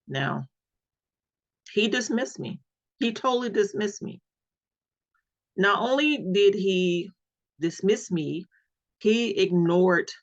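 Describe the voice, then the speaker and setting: A woman sharing her own experience as a patient, telling it earnestly and with emphasis, often repeating key words. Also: on the low side. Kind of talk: personal storytelling. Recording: dull lo-fi recording.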